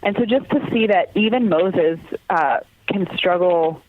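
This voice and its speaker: A woman's voice: lowish voice, unhurried. A woman guest on a podcast interview, earnestly telling personal stories and laughing often as she talks. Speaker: interview guest, theater company communications manager. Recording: tinny phone-line sound, dry.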